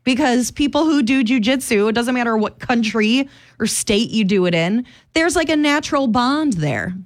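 A woman's voice: fairly high pitch, animated, normal speed. A woman co-hosting a casual chat, upbeat and laughing often. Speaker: co-host.

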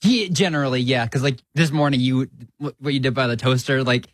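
A man telling a quick, amused story in a casual group chat, with a husky voice. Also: mid-range voice, no echo, studio quality.

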